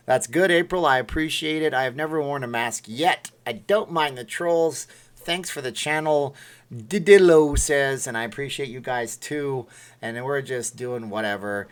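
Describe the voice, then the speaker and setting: A man's voice: medium pitch, fairly bright tone. Rambling, self-deprecating male livestream host. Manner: rambling, self-deprecating, reading out viewer names. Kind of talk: casual livestream chat.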